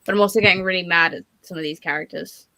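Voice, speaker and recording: A woman's voice: lowish voice, fairly even intonation, fast talker, bright, forceful tone, poor audio. A woman chatting casually on a livestream, with trailing, hesitant phrasing and bursts of exasperation. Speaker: livestream guest. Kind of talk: casual chat.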